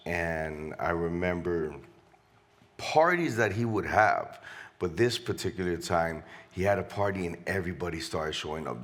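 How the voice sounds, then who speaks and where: A middle-aged man from Colombia, a guest on stage, animatedly retelling a story and quoting voices. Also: deep voice. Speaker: interview guest. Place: live event stage.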